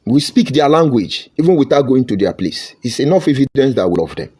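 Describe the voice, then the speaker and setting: A man's voice: mid-range voice, very animated, brisk, mellow, husky. A man from Nigeria with a Nigerian accent, giving fiery online political commentary full of mocking rhetorical questions.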